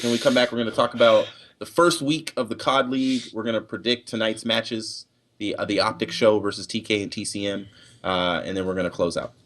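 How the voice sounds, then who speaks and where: A man's voice: medium pitch, slight background noise. A young man hosting a casual gaming stream show, talkative, with many fillers and restarts. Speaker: podcast host.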